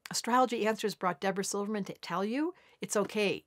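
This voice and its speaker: A woman's voice: mid-range voice, dry recording. An older woman astrologer giving a casual daily horoscope in a chatty, colloquial way. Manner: chatty and colloquial, acts out quick asides.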